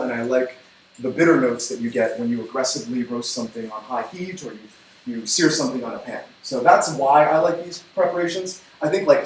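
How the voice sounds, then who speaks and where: A man hosting a cooking livestream, talking in a chatty, upbeat way with quick asides while he cooks. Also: mid-range voice. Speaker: cooking show host. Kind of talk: casual cooking livestream chat. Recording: echoey room from far off, faint noise.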